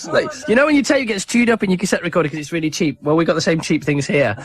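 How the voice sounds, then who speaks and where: A man's voice: fairly high pitch, racing. A British man hosting radio, joking and laughing with his studio crew in casual banter. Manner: giggly, playful, teasing. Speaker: radio presenter.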